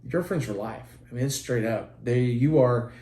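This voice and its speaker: A man's voice: medium pitch, normal speed, warm tone. Earnest rambling man in roomy echo. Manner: earnest, rambling, with many restarts. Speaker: podcast co-host, parent. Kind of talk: casual podcast chat.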